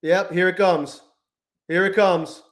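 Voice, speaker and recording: A man live-streaming his trading, cursing constantly and swinging between low muttering and angry shouting at the market. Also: steady tone, slow pace. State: frustrated and angry. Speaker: livestreaming futures trader.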